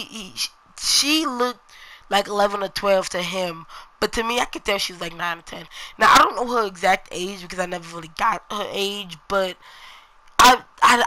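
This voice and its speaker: A woman vlogger recounts her day in a loose, rambling storytelling style. Her voice is bright and forward, and she peppers her talk with slang and "you know". Her pitch sits in an ordinary middle range. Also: moderate pace, poor audio. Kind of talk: casual storytelling to camera.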